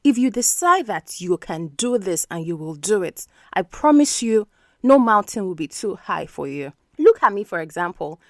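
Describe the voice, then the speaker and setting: A woman's voice: mid-range voice, big pitch swings, moderate pace, no room sound, studio quality. A woman hosting an English-learning podcast who explains words patiently and keeps checking in with the listener. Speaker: English teacher and podcast host.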